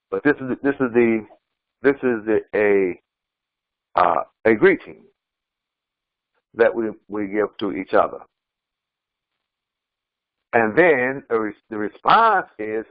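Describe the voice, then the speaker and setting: A man, an imam, giving a slow commentary on scripture and repeating and explaining Arabic terms. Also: mid-range voice, lively intonation, no echo, lo-fi sound. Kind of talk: Quran commentary lesson. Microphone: screen-sharing lesson recording.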